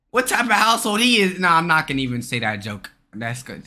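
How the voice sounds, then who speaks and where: A man's voice: on the high side, very animated, fast talker, few pauses, pushed and bright. A man reacting to stories on a stream, joking around in slangy, crude asides. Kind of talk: casual reaction commentary.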